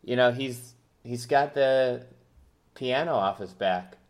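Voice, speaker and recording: Animated man talking casually. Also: medium pitch, slow pace. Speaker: podcast co-host. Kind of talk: casual sports chat.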